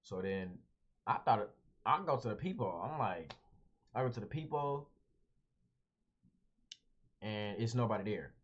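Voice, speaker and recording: Slangy young man, low voice, lo-fi. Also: a little slow, long pauses, noisy background. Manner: animated, slangy, peppered with "bro". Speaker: vlogger. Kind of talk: casual storytime. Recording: dull lo-fi audio.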